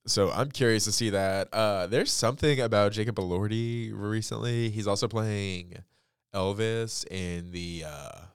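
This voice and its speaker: Stuffy-nosed guy hosting a pop podcast, low voice, smooth and dry, lots of likes and ums. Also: a little slow, no echo. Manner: chatty, many fillers like "like" and "um". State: congested from allergies. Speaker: podcast host. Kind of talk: casual pop culture chat.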